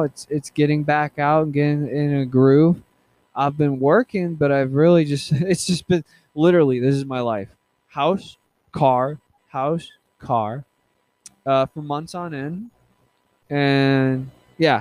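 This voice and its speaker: A man hosting a casual solo podcast, rambling with many fillers, restarts and halting pauses. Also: a little high, a little mellow. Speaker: podcast host.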